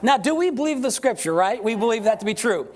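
A man pastor preaching a sermon to a congregation, asking rhetorical questions, leading call-and-response, and slowing down to read scripture with emphasis. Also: extremely high pitch, expressive, darkish tone. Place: church service with congregation.

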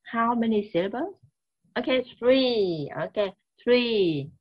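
Slow husky Vietnamese-accented teacher. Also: female voice, fairly high pitch, expressive, dull audio. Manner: slow, repetitive, mixes languages. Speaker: English teacher. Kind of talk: classroom grammar lesson.

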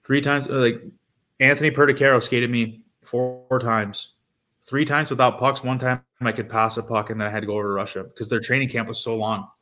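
A man's voice: mid-range voice, steady tone, a little fast, sharp tone. A man in his thirties, a former pro hockey player, telling stories casually in an interview with lots of fillers and restarts. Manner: rambling with many fillers and restarts.

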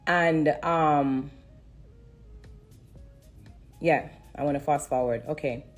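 Low husky woman, emotional testimony. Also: takes it slowly, highs cut off, faint music behind. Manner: earnest and repetitive, stopping to steady herself. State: holding back tears. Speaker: singer sharing a personal testimony. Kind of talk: live-stream testimony.

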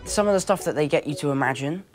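A man's voice: fairly high pitch, fast, soft background music. A young man with an English accent, chatting in an interview and telling stories with a laugh, acting out the lines he quotes. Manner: animated storyteller, acts out quotes, laughs often. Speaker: actor being interviewed. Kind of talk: casual interview chat.

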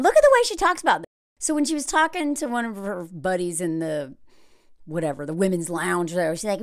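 A sarcastic, animated woman, riffing on a reality show in a casual vlog. Her fairly high voice jumps all over in pitch, and the sound is close and dry. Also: a little fast, dry recording. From Southern United States. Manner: animated, sarcastic, frequent "like" fillers. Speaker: reality TV commentator.

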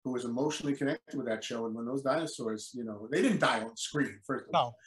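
An older man chats as a guest, spinning stories and slipping into acted-out lines. His voice rings in an echoey room, pitched in the middle. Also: fast. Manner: animated storyteller, acts out quotes. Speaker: guest actor. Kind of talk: casual interview.

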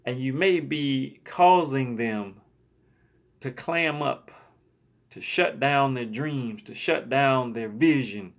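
A man's voice: mid-range voice, takes it slowly. A man preacher telling a story in a sermon, emphatic and often repeating his words.

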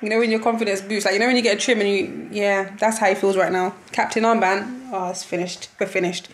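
A woman's voice: mid-range voice, quick pace, slight background noise. Young woman ranting casually about football. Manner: animated, laughing, slangy and exasperated. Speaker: football vlogger reacting to a match. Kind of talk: casual match reaction chat.

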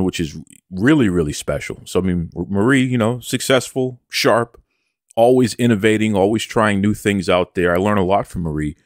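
A man's voice: deep voice, no room sound, clean studio sound. A man hosting a wrestling podcast, talking with playful promo bravado and calling himself by name in the third person. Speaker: podcast host. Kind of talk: casual podcast chat.

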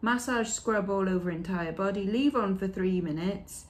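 A woman's voice: medium pitch, normal speed. Chatty woman unboxing beauty products. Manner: chatty, reads product labels aloud with fillers. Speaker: beauty vlogger. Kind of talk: casual unboxing chat.

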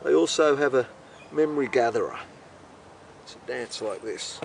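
A man's voice: medium pitch, moderate pace, gravelly, recorded from a distance, slight background noise, poor audio. A man with an Australian accent telling a meandering, profane, incredulous comic story. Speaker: host. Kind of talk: rambling comic monologue.

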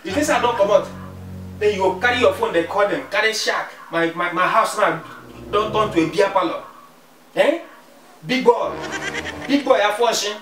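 A man's voice: high-pitched, moderate pace, long pauses, close to an everyday voice. A man with a Nigerian accent playing a stern, mocking father who scolds his grown son with laughing jabs. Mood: scolding. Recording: echoey room, mic far off, music behind.

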